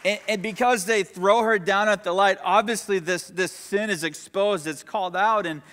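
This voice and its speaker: Speaking at normal speed in a high-pitched, fairly bright voice, a pastor delivers a sermon and prompts the congregation to respond. The recording carries the echo of the church hall, with some chatter behind him.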